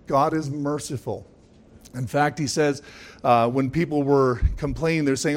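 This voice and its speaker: A man's voice: medium pitch, fairly even intonation, a little slow. A man preaching a sermon, emphatic, with frequent calls of "Amen?" and chuckling asides. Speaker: pastor.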